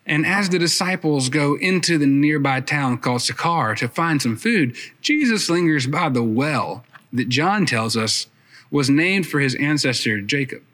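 A man's voice: on the high side, expressive, a little slow, a bit bright. A man preaching a sermon, retelling the story conversationally with casual asides.

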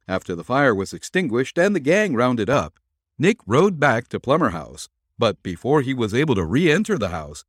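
A man's voice: lowish voice, dry recording, studio quality. A man narrating a detective ghost story as podcast host, reading expressively and dramatically.

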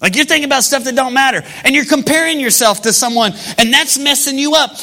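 A male pastor delivers a sermon in a relaxed, talk-to-the-room way. He tells stories with animation. His voice sits high and sounds bright. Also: fast. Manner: conversational, animated storytelling.

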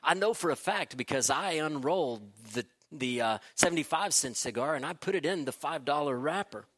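A man preaching, quoting an older male professor who is a calm, dry and knowing father. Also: fairly high pitch, fairly quick.

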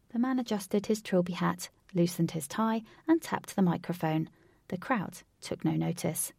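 A woman narrating a storybook in an unhurried way, sometimes dropping into a whisper. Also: fairly low pitch, gravelly, a little mellow, slightly rough, no echo, clean studio sound.

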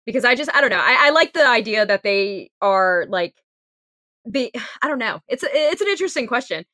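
A woman's voice: on the high side, animated, fairly quick, pushed and bright, no echo, studio quality. A woman co-hosting a podcast, casually sharing her take on a film, thinking aloud with lots of "like". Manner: thinks aloud, frequent "like" and laughs. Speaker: podcast co-host.

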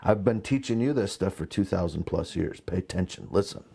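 A man in his thirties preaching a conversational sermon, telling stories with lively asides. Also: low-pitched, fairly quick, vocal fry, husky. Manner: conversational, animated storytelling with asides. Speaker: pastor.

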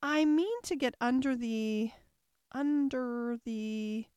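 A woman's voice: fairly high pitch, slow, a little mellow, smooth, no room sound. A woman voicing Alice, a curious young girl who chatters and wonders aloud to herself in a storybook reading. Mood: wondering.

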